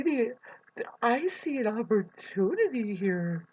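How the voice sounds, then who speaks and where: Halting, emotional woman on a lo-fi vlog. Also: on the low side, husky. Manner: rambling, halting, repeats words. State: emotional, close to tears. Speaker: vlogger. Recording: dull lo-fi recording.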